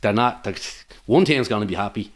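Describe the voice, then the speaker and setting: A man's voice: lowish voice, expressive, a little fast, a loud crowd. An Irish man of middle age, a guest on a football podcast, telling rambling stories with many restarts. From Ireland. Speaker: guest, amateur football manager. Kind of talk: casual podcast chat.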